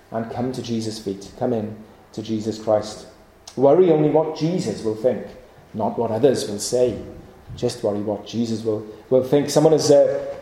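A man's voice: medium pitch, dark tone. A man preaching an evening sermon, pleading with his listeners through earnest, repeated rhetorical questions. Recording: echoey hall.

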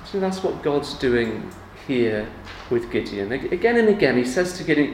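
A man in his forties preaching a sermon in a relaxed, conversational way, turning animated when he acts out everyday examples. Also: mid-range voice, moderate pace, hardly any pauses. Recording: echoey room with faint ambient noise.

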